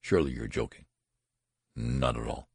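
A man's voice: extremely low pitch, steady tone, moderate pace, vocal fry, husky, no room sound, studio quality, voice pushed down, exaggerated voice. A man voicing a stern, irritable male college registrar who talks in a curt, scolding manner. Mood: incredulous. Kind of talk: audiobook character voice.

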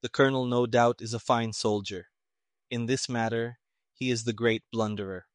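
A toneless, coolly superior investigator, voiced by a man reading aloud. He talks in a flat, measured way with no warmth or hurry. The sound is dry and close, at a middling pitch. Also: clean tone, no echo, natural voice. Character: calm, toneless, clever male investigator.

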